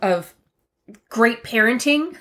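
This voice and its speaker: Loud emphatic woman from the northeast, bright forceful voice, chatty faith podcast. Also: fairly high pitch, expressive, slow. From Northeast United States. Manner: loud, emphatic, self-deprecating. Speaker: podcast co-host. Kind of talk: casual faith podcast chat.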